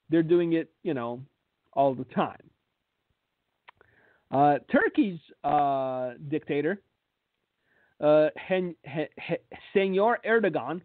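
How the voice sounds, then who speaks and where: A male radio host with a high voice who speaks slowly and bluntly, with a sarcastic edge. His lines often stumble over repeated words, and the sound is dry and tinny, like a phone line. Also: no echo. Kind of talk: radio commentary.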